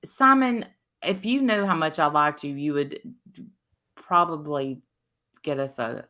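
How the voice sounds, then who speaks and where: A woman, co-hosting a livestream and chatting casually in a jokey, animated way. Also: sits low, a little slow. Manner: animated, jokey, loud at times. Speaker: livestream co-host. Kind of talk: casual gossip chat.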